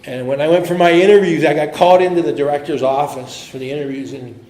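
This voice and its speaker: A man speaking as an AA speaker, telling his personal recovery story in an earnest, halting way with frequent restarts. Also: fairly high pitch, fairly even intonation, a little mellow. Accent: American. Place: meeting hall. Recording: echoey room with faint noise.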